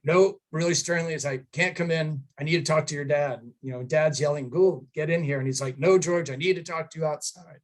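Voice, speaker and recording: A middle-aged man, emotional, telling a heartfelt family story at a tribute, halting with many fillers. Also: on the high side, rough recording. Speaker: son giving a memorial tribute. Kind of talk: personal storytelling at a gathering.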